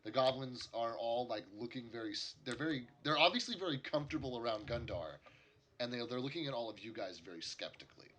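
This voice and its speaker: A man's voice: medium pitch, lively intonation, quick pace, fairly bright tone. A man narrating as game master of a tabletop game, rambling and correcting himself as he goes.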